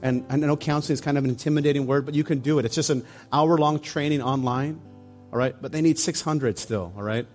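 A man preaching a sermon and leading a closing prayer, earnest and halting, with many restarts. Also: mid-range voice, a little mellow, soft background music. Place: church meeting room.

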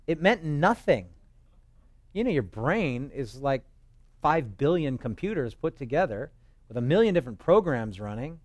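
A man's voice: medium pitch, very animated, moderate pace, darkish tone, no room sound, highs cut off. Guy preaching, chatty storytelling pastor, cracks jokes, dry close sound. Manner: conversational storyteller with joking asides; acts out quoted voices. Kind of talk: expository sermon.

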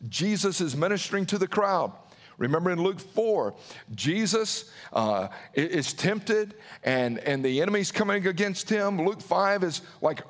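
Male pastor, high voice, dramatic sermon delivery with acted-out quotes. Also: big-room sound.

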